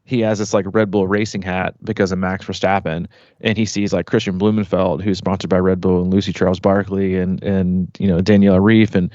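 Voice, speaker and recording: A man's voice: low-pitched, level tone, a little fast, darkish tone, dry recording. A man in his thirties hosting a triathlon podcast, telling a story in a rambling way, full of "like" and "you know". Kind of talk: casual storytelling chat. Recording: slightly muffled, dry sound.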